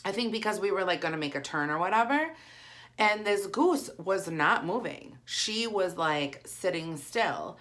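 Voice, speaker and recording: A woman, telling a story in a chatty, animated vlog style. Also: on the low side, measured pace. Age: 40s. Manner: animated, chatty, heavy use of "like". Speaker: vlogger. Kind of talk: casual storytelling while eating.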